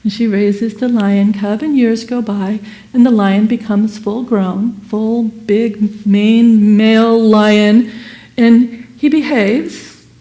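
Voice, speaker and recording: A woman giving a Sunday service sermon and telling a parable in an animated, expressive way. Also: on the high side, slow. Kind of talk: sermon with storytelling.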